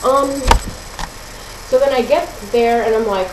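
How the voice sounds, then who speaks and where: A woman's voice: on the high side, unhurried, long pauses. A teenage girl telling a ranting story at home, chatty and exasperated, with lots of "like" and "um". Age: teens. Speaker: vlogger. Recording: roomy echo, faint hiss.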